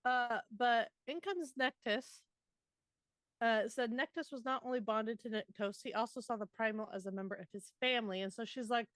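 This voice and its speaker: A woman's voice: fairly high pitch, moderate pace, fairly bright tone, dry recording. A woman co-hosting a book podcast in casual chat, tossing in dry quips and summarizing chapters. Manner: dry quips and short agreeing replies. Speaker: podcast co-host. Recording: dry close-mic sound.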